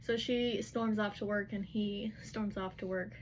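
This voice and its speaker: A young woman casually retelling a novel's chapters, chatty and animated, with slangy asides. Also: mid-range voice, measured pace, slight background noise. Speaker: book recap vlogger.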